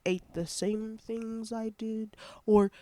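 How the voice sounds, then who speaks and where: Congested and sniffling, a young adult student rambles through a home vlog on a headset mic, leaning heavily on fillers and cutting in on their own sentences. Their mid-range voice has a dark, level tone and moves slowly, with no room sound audible.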